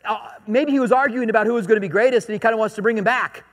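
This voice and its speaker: A man's voice: high voice, very fast, in a large hall. A man preaching a sermon as pastor, talking in a conversational, joking way and hammering points home by repeating them. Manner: conversational and joking, with emphatic repetition.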